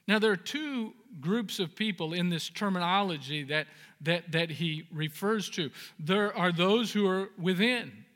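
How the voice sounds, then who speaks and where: A man's voice: high voice, unhurried, few pauses, a bit bright. A man preaching a sermon as pastor, moving between earnest, emphatic exhortation and folksy storytelling with jokes. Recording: reverberant hall.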